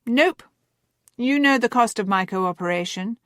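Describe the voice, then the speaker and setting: A woman's voice: on the high side, expressive, unhurried, a bit bright, no room sound, clean studio sound. A woman voicing a playful, teasing young woman who reads her sister's letter with theatrical flair.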